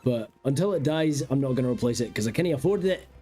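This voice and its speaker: A man's voice: medium pitch, animated, fast talker, dark tone, soft background music. A man streaming a game, chatting casually and rambling aloud to his viewers. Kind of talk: casual live-stream chat.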